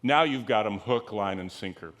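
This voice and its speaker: Speaking at a moderate pace with a bit of brightness, a man delivers a conversational Bible lecture to a live group. He strays into digressions often, asks the audience rhetorical questions, and raises the pitch on key words to stress them.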